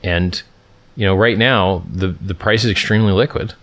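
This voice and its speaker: Deep-voiced emphatic man from California. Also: fairly even intonation, moderate pace, a bit bright. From Stockton, California, USA. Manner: emphatic, repeats phrases and restarts often. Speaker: livestream host answering viewer questions. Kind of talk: casual livestream chat.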